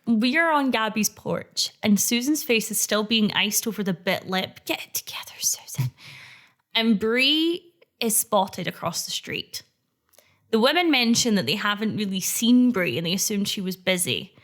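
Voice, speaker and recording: A woman, co-hosting a podcast and recapping a TV episode in casual chat, playful and quick to laugh. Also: mid-range voice, animated, fairly bright tone. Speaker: podcast co-host.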